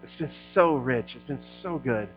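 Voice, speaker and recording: A middle-aged man preaching a sermon as a pastor, talking to the crowd like friends and swelling into loud passionate stretches. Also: medium pitch, animated, moderate pace, dull audio, soft background music. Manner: conversational preaching, rising to loud passionate peaks.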